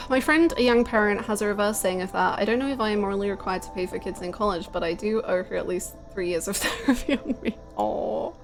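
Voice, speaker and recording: A young woman streaming a video game from home, chatting, laughing and telling stories in an animated way. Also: mid-range voice, fairly quick, gravelly. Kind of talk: casual chat while playing a game. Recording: music from the game behind. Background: game music.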